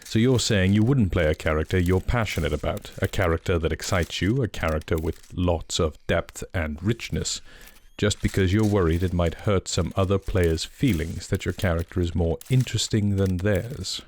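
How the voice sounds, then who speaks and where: A man's voice: low-pitched, normal speed, darkish tone, a little hiss or hum, pitched below the performer's own voice. A man playing a pushy, contrarian male reporter who fires blunt, challenging questions at a press conference.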